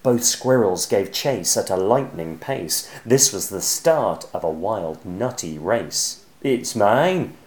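A man reading a rhyming picture book aloud in an expressive, sing-song manner. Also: low voice, slow, few pauses. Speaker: storyteller.

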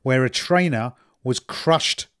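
A man's voice: mid-range voice, takes it slowly, fairly bright tone, clean tone. A man chatting casually as a podcast co-host, telling stories in a wry, sarcastic way. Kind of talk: casual chat.

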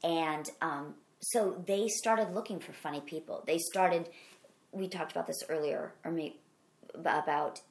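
A woman's voice: deep voice, unhurried. A middle-aged woman with a Midwestern accent, an actor answering interview questions in an earnest, rambling way with many restarts. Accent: Midwestern American. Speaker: actor guest. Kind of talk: conversational interview. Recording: echoey room.

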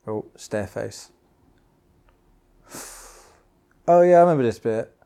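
A man's voice: mid-range voice, lively intonation, slow pace, creaky, dark tone. A man hosting a podcast, giving casual, rambling commentary over a film and joking to himself. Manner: rambling, jokey, talks to himself. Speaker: podcast host.

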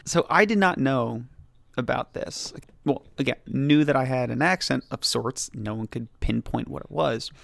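A man who drops his g's, co-hosting a podcast in animated, exasperated casual chat. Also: medium pitch, normal speed, gravelly, no room sound. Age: late 30s. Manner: drops the g's in words ending in -ing. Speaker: podcast co-host.

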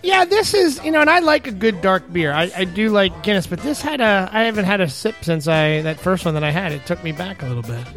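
A man's voice: high-pitched, lively intonation, brisk, few pauses, a bit bright, soft background music. A man co-hosting a podcast, chatting and joking while tasting beers, often repeating himself. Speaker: podcast co-host. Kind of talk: casual chat while tasting beer.

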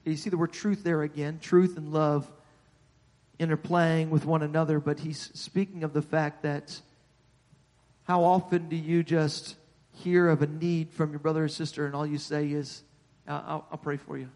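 A man preaching a sermon to his congregation in a church, repeating words as he builds and rising in pitch and volume at the high points. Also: level tone, moderate pace, a little mellow. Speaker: pastor. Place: church sanctuary. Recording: long hall reverb.

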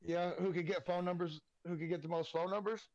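A man's voice: high-pitched, steady tone, fairly quick, highs cut off, crowd noise. A man guesting on a podcast, telling loose, profane, laughing anecdotes in a rambling way. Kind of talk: casual storytelling.

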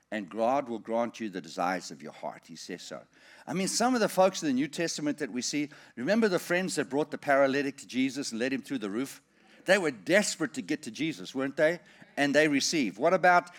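A middle-aged man preaching a sermon, reading scripture slowly and emphatically, then rising and falling in loudness as he drives his points home. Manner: animated preaching with lively swings in pitch and volume.

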